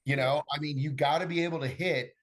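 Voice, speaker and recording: This middle-aged golf coach has a fairly high-pitched voice and talks fast. On a podcast he chats casually and tells stories, animatedly acting out the exchanges in them.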